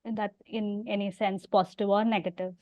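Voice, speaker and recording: A woman's voice: mid-range voice, level tone, fairly quick, a little mellow, dry recording. A woman from India, hosting a podcast interview, polite, laughing often and stammering on some words. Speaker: podcast host. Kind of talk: casual interview conversation.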